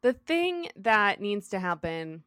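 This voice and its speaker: Lively, animated woman podcast co-host. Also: medium pitch, slow pace, clear, resonant tone, dry recording, studio quality. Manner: animated, emphatic fan reactions. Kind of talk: casual chat.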